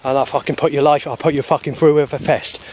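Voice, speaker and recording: A man's voice: on the high side, fairly even intonation, fast, a little mellow, a little hiss or hum. A man vlogging outdoors on a walk, talking agitatedly with heavy swearing into a handheld camera. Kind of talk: rambling outdoor video diary. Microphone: handheld camera he stops himself.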